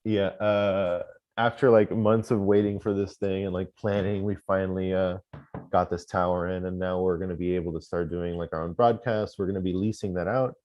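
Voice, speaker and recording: A man's voice: sits low, fairly even intonation, normal speed, dull audio. A man being interviewed over a live stream, chatty and rambling, with lots of restarts and joking asides. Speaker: space-tourism lodging owner.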